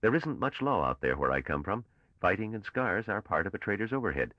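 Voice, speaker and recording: A man voicing a brash, suspicious young male space trader with a sharp, probing manner. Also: on the low side, big pitch swings, a little fast, no room sound, muffled recording, pitched above the performer's own voice. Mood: pushy.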